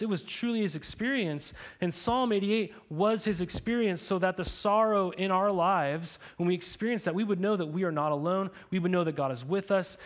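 Casual young male preacher, slightly high voice. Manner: conversational preaching with frequent "right?" and "like"; rhetorical questions to the congregation. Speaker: pastor. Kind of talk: sermon.

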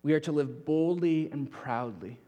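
A young adult man delivers a sermon, his voice sitting a little higher than most men's. He preaches earnestly and lets many phrases sink to a soft, near-whispered close. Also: moderate pace. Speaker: pastor.

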